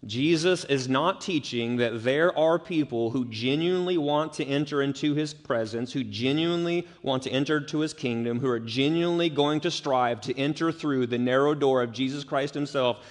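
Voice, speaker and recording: Earnest preacher in an echoing hall. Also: male voice, mid-range voice, moderate pace, few pauses. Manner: earnest, building to emphatic urgency. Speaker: pastor. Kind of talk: sermon. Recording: long reverb of a church hall.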